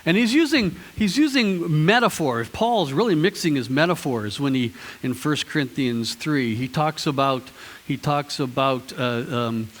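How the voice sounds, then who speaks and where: A man's voice: fairly high pitch, expressive, a little slow. A man preaching a sermon to his congregation, conversational and chatty with playful asides. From Ohio, US. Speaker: pastor. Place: church sanctuary. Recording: long church reverb.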